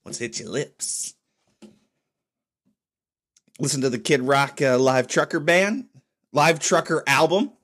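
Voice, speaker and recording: A young adult man hosts his own podcast in a casual solo monologue, sipping beer as he records. He rambles slowly with long pauses, swears freely, and his pitch swings in lively ways.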